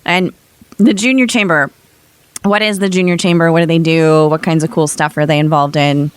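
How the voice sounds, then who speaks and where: A woman hosting a casual conversation, asking eager questions and reacting quickly. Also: sits low, steady tone, smooth, no room sound. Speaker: podcast host.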